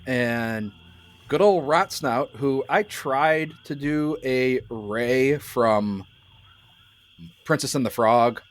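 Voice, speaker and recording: Casual halting man running a game. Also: medium pitch. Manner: casual, halting, many restarts. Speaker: game master. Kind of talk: narrating a tabletop game.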